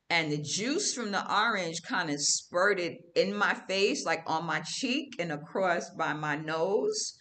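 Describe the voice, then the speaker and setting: A woman hosting a livestream, telling a story to her viewers in casual, animated, slangy talk. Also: lowish voice. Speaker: livestream host. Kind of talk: casual storytelling to a live audience.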